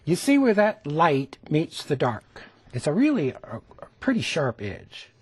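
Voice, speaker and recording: Male painting instructor, TV lesson; unhurried, hushed and coaxing, lively pitch that drops into whispers. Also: slightly rough, no room sound. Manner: gentle, often dropping to a whisper while demonstrating strokes; coaxing, keeps asking the viewer to look.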